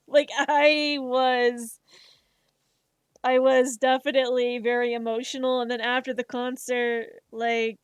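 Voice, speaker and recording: A woman streamer chatting casually while she makes art, swearing freely and retelling things in an animated, emotional way. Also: a little high, normal speed, smooth, no room sound. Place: home streaming setup.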